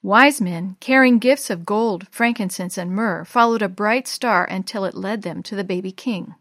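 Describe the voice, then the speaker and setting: A woman reads a storybook aloud in a clear, measured voice. Her pitch sits in the middle, and the sound is close and dry. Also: fairly bright tone, no echo. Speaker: narrator. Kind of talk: storybook reading.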